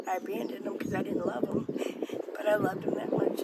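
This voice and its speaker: A woman in her forties telling her life story in an interview, halting and emotional, with many fillers and restarts. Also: medium pitch, fairly even intonation. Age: 40s. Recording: noisy outdoor background.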